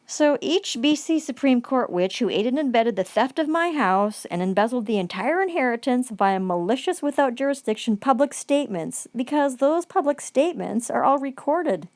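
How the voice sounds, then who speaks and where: A woman's voice: high voice, expressive, moderate pace, hardly any pauses, a little mellow, dry recording. A woman giving an angry, profane vlog monologue, repeating phrases for emphasis.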